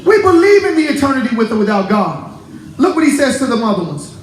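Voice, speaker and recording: Male pastor, high voice, animated sermon, roomy church echo. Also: fast. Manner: animated, laughing, addresses congregation directly. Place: church sanctuary.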